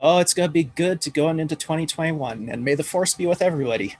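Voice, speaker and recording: A man's voice: a little high, fast, husky. A man from Ireland chatting casually as a podcast guest, easygoing and laughing often. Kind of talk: casual chat.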